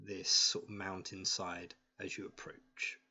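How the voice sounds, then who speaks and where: A man narrating as game master, halting often with fillers and restarts. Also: sits low, level tone, bright, forceful tone, husky. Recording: dull lo-fi sound.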